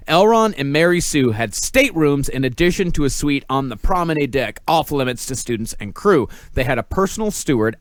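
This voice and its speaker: A man's voice: a little high, no room sound, clean studio sound. A man hosting a podcast, narrating a researched story with wry asides to his co-hosts. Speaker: podcast host.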